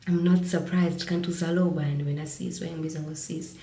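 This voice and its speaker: A woman's voice: deep voice, steady tone, normal speed, pauses often, warm tone. A young South African woman vlogging casually, reflective and switching between English and Zulu phrases, a Zulu speaker. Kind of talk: casual talking to camera. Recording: roomy audio from a distance.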